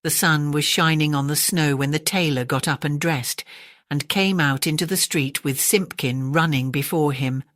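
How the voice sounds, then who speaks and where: A woman narrating a classic storybook in a gentle, measured bedtime reading. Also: low voice, no echo, studio quality.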